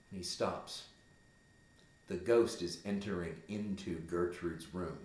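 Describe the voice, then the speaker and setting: A man's voice: deep voice, takes it slowly, darkish tone. A man teaching a class, reading a play aloud and explaining it in a conversational way. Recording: roomy echo.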